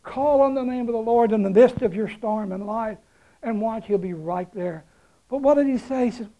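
A man's voice: high-pitched, moderate pace, warm tone, lo-fi sound. A man preaching a sermon, retelling a story in a folksy, conversational way with chuckles and emphatic repetition.

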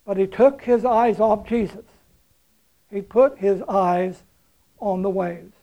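Folksy preacher man with a mellow voice. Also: high-pitched, slow pace, low-quality recording. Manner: folksy storytelling with chuckles and emphatic repetition. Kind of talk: sermon.

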